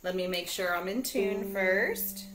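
A woman's mid-range, fairly bright voice comes through a live video stream at a slightly slow pace. Leading a sing-along from home for small children, she speaks to them in a bubbly, coaxing manner, and a ukulele can be heard.

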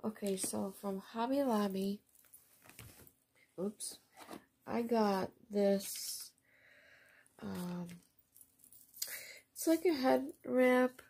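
A woman shows off her craft mail at home in an unhurried, intimate way. Her voice is low and husky with a gravelly creak, and she keeps her warm praise soft, often sinking to a near whisper. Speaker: craft vlogger showing received mail and shopping finds. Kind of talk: casual show-and-tell chat.

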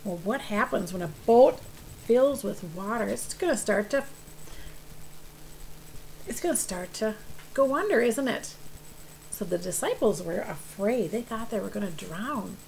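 Slow, animated woman telling a Bible story. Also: mid-range voice, vocal fry, a little hiss or hum, rough recording. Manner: animated, drawn-out storyteller emphasis with questions to kids. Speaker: children's church teacher.

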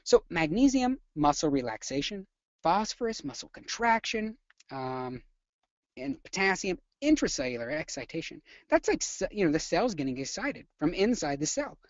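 Lively nursing instructor on a webinar. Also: mid-range voice, normal speed, no room sound, lo-fi sound. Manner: energetic and chatty, quizzes the audience. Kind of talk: live webinar lecture.

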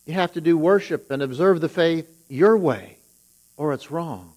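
A man preaching from the pulpit, his voice sitting a little high. He retells scripture in his own words and leans hard into each warning. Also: a little slow, a little mellow, low-quality recording. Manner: paraphrases scripture with rising emphasis on the woes. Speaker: pastor. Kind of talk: sermon.

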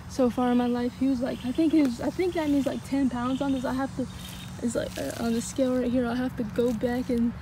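A tired woman with a cracking voice, rambling excitedly in a casual outdoor fishing vlog by a pond, recorded on a handheld camera. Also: sits high, noisy background. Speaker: fishing vlogger. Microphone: handheld phone or action camera.

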